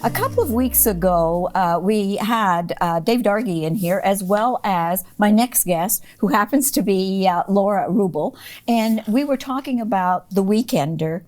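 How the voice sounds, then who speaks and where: A woman's voice: mid-range voice, measured pace, darkish tone. A woman with a Canadian accent hosting a local community TV interview, friendly and hesitant, with many fillers. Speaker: host.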